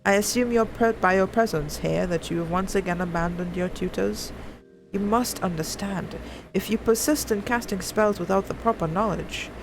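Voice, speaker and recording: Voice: mid-range voice, normal speed, vocal fry, background noise, pitched above the performer's own voice, lightly acted. A streamer voicing a stern male conjurer mentor in grave, formal tones, reading video game dialogue aloud. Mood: solemn.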